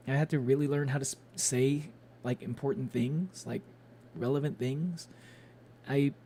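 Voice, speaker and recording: A man's voice: medium pitch, vocal fry, warm tone, a little hiss or hum. A man streaming a game, chatting casually and rambling with lots of fillers and little chuckles. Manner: rambling, many fillers and restarts, chuckles often.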